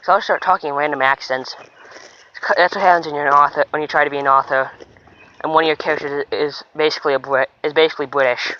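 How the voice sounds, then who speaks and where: A man's voice: fairly high pitch, fairly even intonation, quick pace, sharp tone. A man giving rambling, chatty commentary as he fishes by a pond, often stopping and restarting his sentences. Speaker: fishing vlogger. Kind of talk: casual running commentary while fishing. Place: outdoors by a pond. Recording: dull lo-fi outdoor recording with noise.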